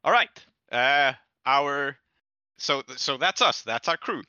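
A man setting up a tabletop role-playing game as game master on a podcast, talking haltingly with many fillers. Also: mid-range voice, lively intonation, pushed and bright, smooth, no echo, dull audio.

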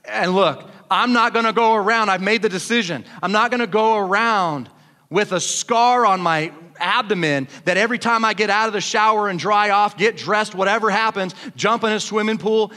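A man preaches a fervent sermon, his high voice climbing as he presses his listeners. His tone is bright and forceful, and it carries a long reverb from a big church hall. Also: normal speed. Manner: fervent preaching that builds to shouting. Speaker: pastor.

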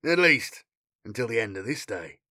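A man voicing an arrogant warrior captain who speaks slowly and coolly, in an audiobook reading. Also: big pitch swings, bright, forceful tone, no room sound, clean studio sound, heavily acted. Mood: cold. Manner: slow, low, coolly dismissive. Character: menacing male warrior captain, cold and arrogant. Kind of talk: audiobook character voice.

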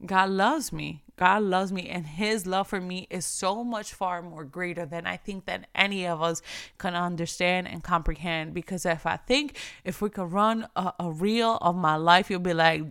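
A woman's voice: fairly low pitch, steady tone, normal speed, a bit bright, clean tone, dry recording, studio quality. A woman giving a conversational devotional talk, earnest and repeating phrases for emphasis. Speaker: devotional speaker.

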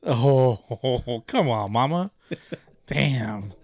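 Male podcast co-host, casual, quick to laugh, mid pitch, dry close mic. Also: lively intonation, darkish tone, no room sound. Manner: laughs often, swears, reads listener jokes aloud. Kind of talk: casual chat.

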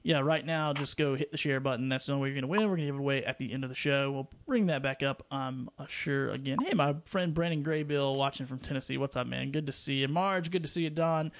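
A man's voice: mid-range voice, steady tone, fast, few pauses. A man co-hosting a live fishing stream, chatting loosely and greeting viewers by name. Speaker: co-host of a live fishing show. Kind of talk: casual live-stream chat.

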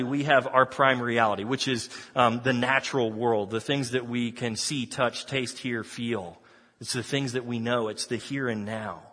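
A male pastor delivers a sermon in an easygoing, conversational manner, full of little fillers and restarts. His voice is bright and a bit husky. The recording carries the long reverb of a church hall. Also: mid-range voice.

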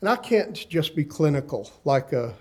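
A man in his sixties, a pastor preaching a sermon with slow, impassioned delivery and dramatic pauses, reading scripture in old-fashioned wording. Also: a little high, very animated, a little mellow, slightly rough.

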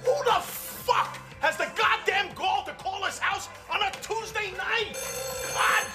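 An actor playing a hot-tempered man who yells and curses in a shrill voice, in a played comedy clip. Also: unhurried. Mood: furious. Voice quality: shrill, yelling, cursing. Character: hot-tempered middle-aged man, explosive rage. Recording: roomy clip with music behind.

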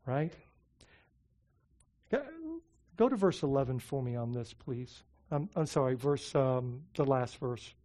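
A pastor delivers a sermon in an animated way, stumbling over repeated words and tossing rhetorical questions at the congregation. His voice swings between loud emphatic stretches and quiet, heartfelt asides. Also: medium pitch, a little slow, pauses often.

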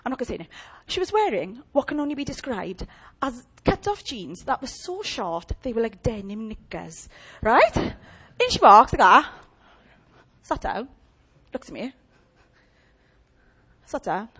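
Woman preacher, high and very lively, comic storyteller. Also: measured pace, breathy edge. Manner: animated, comic, mimicking. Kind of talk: storytelling sermon.

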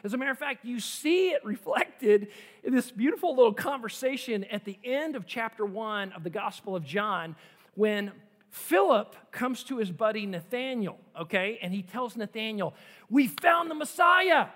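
Male pastor, very high voice, animated sermon, long echo in a church hall. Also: moderate pace. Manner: animated, acts out quoted voices.

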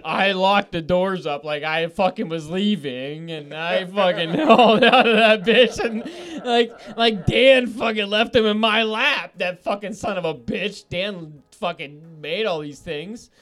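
A man's voice: sits high, a little slow, hardly any pauses, fairly bright tone. A man telling a rambling, profane story in casual podcast chat, laughing often as he goes.

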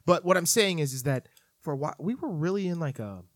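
A man's voice: fairly high pitch, quick pace, dry recording, clean studio sound. A man hosting a podcast, chatting casually with friends and rambling through lots of fillers. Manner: animated, rambling with many fillers. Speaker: podcast host.

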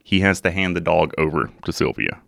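A man's voice: deep voice, brisk, vocal fry, no room sound, clean studio sound. A man co-hosting a podcast, telling a true-crime story in casual chat and sometimes swearing. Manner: animated, swearing, laughs at himself. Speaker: podcast co-host.

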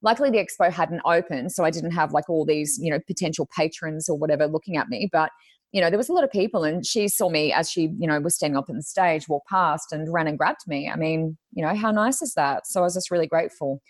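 Chatty woman, lowish voice. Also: quick pace, dry recording, clean studio sound. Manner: chatty storyteller, acts out quotes. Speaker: guest, Reiki healer and reader. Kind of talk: casual chat.

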